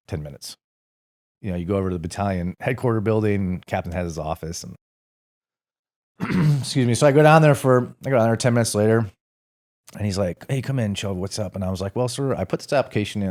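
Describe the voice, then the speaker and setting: Deep-voiced man telling war stories casually. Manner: relaxed, rambling, salty storytelling with fillers and swearing. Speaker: podcast guest. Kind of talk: casual storytelling interview.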